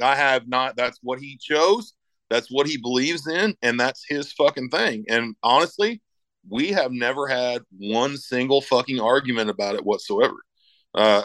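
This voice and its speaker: A man's voice: medium pitch, bright, forceful tone, dry recording, low-quality recording. A middle-aged man in casual podcast chat, rambling and emphatic, swearing constantly as he talks about raising his kids.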